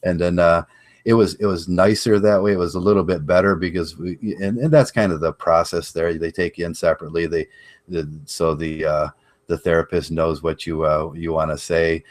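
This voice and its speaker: A male podcast host with a deep, low-pitched voice, talking in a loose, halting way and stumbling over repeated words. The sound is dry, with no room echo. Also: fairly even intonation. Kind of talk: casual interview chat.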